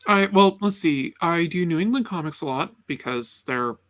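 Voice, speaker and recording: A middle-aged man from the Boston area hosting a casual live chat, laid-back, pausing on ums and chuckling often. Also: a little high, lively intonation, a bit bright.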